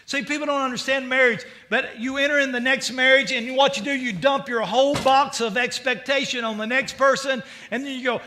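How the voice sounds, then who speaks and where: A male pastor preaching with a high, forceful voice. He tells stories in an energetic, conversational way. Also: fairly quick, few pauses. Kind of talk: sermon.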